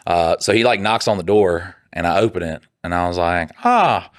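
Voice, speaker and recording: A man co-hosting a podcast, telling a story in casual chat, animated and swearing freely, acting out what other people said. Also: sits low, a little fast, no echo, clean studio sound. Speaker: podcast co-host.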